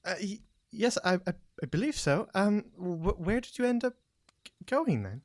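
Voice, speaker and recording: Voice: mid-range voice, animated, moderate pace, a little mellow, no room sound, studio quality, pitched above the performer's own voice, lightly acted. A game master voicing a shy, nervous young woman who stammers and hesitates politely. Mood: flustered.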